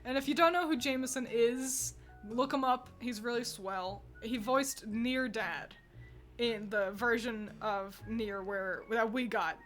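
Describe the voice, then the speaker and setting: Slow-talking, high-voiced woman streamer. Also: a bit bright, soft background music. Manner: chatty, rambling, laughs often. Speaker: streamer reacting to fan art. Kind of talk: casual chat.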